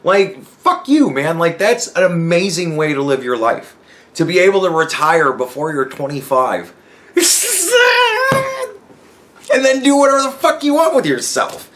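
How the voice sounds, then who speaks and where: A man's voice: a little high, sing-song, moderate pace, a bit bright, slight background noise. Podcast host, male, casual and profane, stammers and restarts, plays out imagined conversations. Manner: acts out imagined dialogue. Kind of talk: casual solo commentary.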